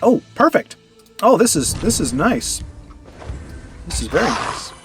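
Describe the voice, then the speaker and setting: A man's voice: high voice, sing-song, a little slow, music in the background. A man giving casual gameplay commentary, chatty and thinking aloud as he plays. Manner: chatty, thinks aloud, frequent restarts and fillers. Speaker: streamer and card game player.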